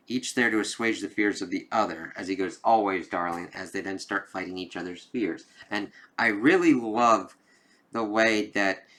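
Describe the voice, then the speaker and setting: A man's voice: lowish voice, sharp tone. A man giving a casual, rambling comic book review, swearing now and then. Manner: rambling, loose, with swearing and filler phrases.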